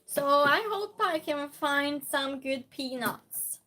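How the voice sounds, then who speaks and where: A woman's voice: sits high, animated, slow pace, bright, forceful tone, slight background noise. A woman hosting a live-stream game night, chatting casually, reading chat aloud and playfully scolding and thanking donors.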